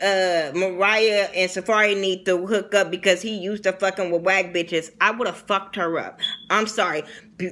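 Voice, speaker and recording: Bright-voiced, blunt woman vlogger. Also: medium pitch. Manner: blunt, profane, opinionated. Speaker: TV reality show reviewer. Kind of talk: casual recap vlog.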